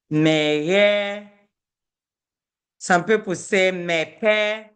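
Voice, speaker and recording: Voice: medium pitch, steady tone, drawn-out words, fairly bright tone, clear, resonant tone. An Igbo language teacher giving a lesson, patiently repeating each phrase and checking in with "okay?".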